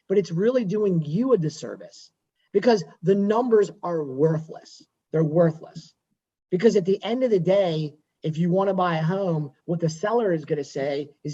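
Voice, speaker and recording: A man's voice: a little high, mellow, lo-fi sound. A man working as a mortgage lender, speaking at a workshop over a video call in a conversational, digressive way and repeating himself.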